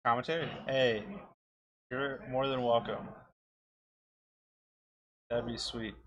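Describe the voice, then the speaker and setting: A man's voice: medium pitch, fairly even intonation, slow, dull audio. A man co-commentating a card game tournament in a laid-back, casual way.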